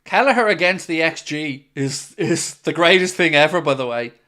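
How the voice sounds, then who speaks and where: Irish male host, watchalong reactions, bursts into play-by-play, voice sits a bit high. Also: normal speed. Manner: excitable, jumps into play-by-play shouts. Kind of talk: live match reaction commentary.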